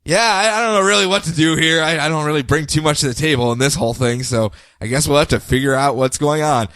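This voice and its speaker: Man voices an awkward, unsure hero, quick and rambling. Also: fairly high pitch, a bit bright, no echo, studio quality. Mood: sheepish. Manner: sheepish, rambling. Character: unsure, clueless space cop, man.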